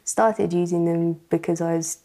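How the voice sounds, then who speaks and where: Woman, church testimony guest, hesitant and filler-heavy, low gravelly tone. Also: fairly even intonation, normal speed. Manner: hesitant, soft-spoken, many fillers. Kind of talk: personal testimony interview.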